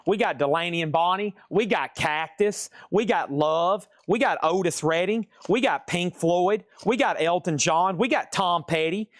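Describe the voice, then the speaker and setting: A man's voice: high voice, fairly bright tone, dry recording, clean studio sound. A man hosting a live online record sale, rattling off grades and prices and joking with viewers between lots. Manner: jokey, rapid price calls. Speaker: live auction host.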